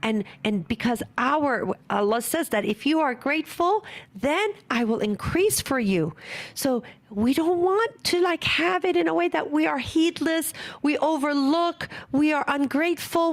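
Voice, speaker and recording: A middle-aged woman giving an earnest, animated conference talk on parenting, acting out parents and children as she goes. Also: high voice, measured pace. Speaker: parenting speaker.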